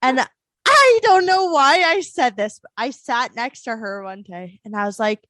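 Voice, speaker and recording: A woman's voice: on the high side, expressive, a little slow, a bit bright, no room sound, clean studio sound. A woman in her twenties from the American South, co-hosting a podcast in a casual chat, swearing and laughing often. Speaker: podcast co-host.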